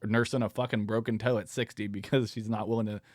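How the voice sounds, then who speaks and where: Fast-talking low-voiced man, casual. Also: flat delivery, a little mellow, no room sound, studio quality. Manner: rambling storyteller, swears a lot, acts out quotes. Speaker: podcast host. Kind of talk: casual comedy chat.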